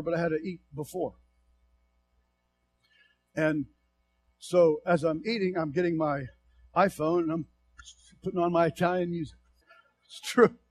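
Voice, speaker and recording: A man preaching a sermon, dropping to low, quiet asides and then rising to loud, shouted exhortation. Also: gravelly, a little hiss or hum.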